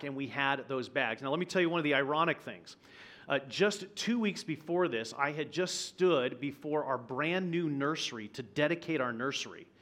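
A guest pastor telling a personal story in a sermon, conversational and vivid, acting out the quotes. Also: male voice, mid-range voice, fairly bright tone. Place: church auditorium.

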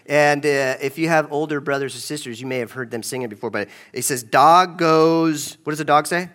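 Man pastor, higher register, playful children's sermon in a large sanctuary. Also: a little fast, a bit bright. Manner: playful, addressing kids directly.

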